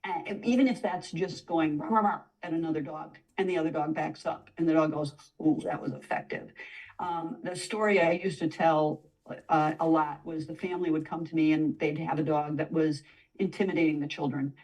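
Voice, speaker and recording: A woman's voice: low-pitched, steady tone, a little fast, darkish tone, distant mic, low-quality recording. A woman dog trainer, a guest in a conversational interview, explaining at length and now and then acting out what a dog might say. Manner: explanatory, acts out dog voices in quotes.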